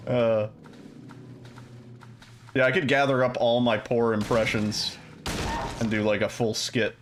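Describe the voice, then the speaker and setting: A man's voice: mid-range voice, fairly even intonation, takes it slowly, long pauses, a little hiss or hum. A young man streaming a game speedrun, chatting casually and loosely with viewers, rambling and swearing now and then.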